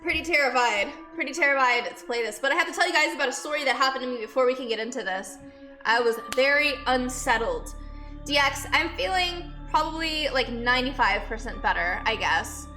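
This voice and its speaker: A sick, breathless woman talks casually to her live chat in a bright, fairly high voice, stopping mid-story to greet viewers by name. Faint music plays behind her. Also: expressive, a little fast. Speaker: streamer and nurse.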